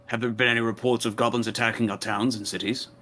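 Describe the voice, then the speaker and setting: A man's voice: medium pitch, steady tone, fast talker, pushed and bright. A man playing a tabletop game, asking questions in a thoughtful, hesitant way. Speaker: player.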